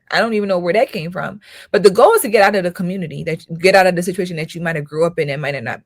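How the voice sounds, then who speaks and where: Emphatic woman host, low voice. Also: no echo, studio quality. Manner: emphatic, rhetorical questions, repeats herself. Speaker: channel host, school counselor. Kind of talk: casual commentary monologue.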